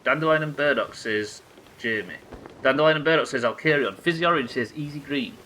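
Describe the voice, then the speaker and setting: A man's voice: medium pitch, a little fast, pushed and bright, slight background noise, low-quality recording. A young man streaming a game live, teasing his chat with sarcastic, sweary banter. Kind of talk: live gameplay commentary and chat reading.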